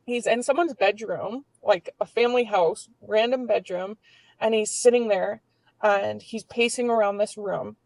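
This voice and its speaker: A woman's voice: medium pitch, a little slow, a little mellow, no room sound, poor audio. Woman in her 20s telling her story on a podcast, swears a lot, super candid, dry sound. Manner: candid, swears freely, many filler words. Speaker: podcast guest. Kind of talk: personal storytelling.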